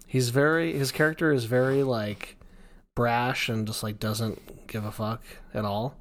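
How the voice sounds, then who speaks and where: A man's voice: mid-range voice, fairly even intonation, unhurried. A young man co-hosting a podcast in casual chat, rambling and joking at his own expense. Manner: jokey, rambling, self-mocking. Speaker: podcast co-host.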